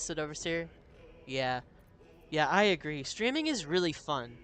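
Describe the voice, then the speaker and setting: A man's voice: a little high, big pitch swings, measured pace, long pauses, a bit bright. A man streaming a video game, chatting casually, laughing often and reading viewer messages aloud. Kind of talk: casual live-stream chat over gameplay.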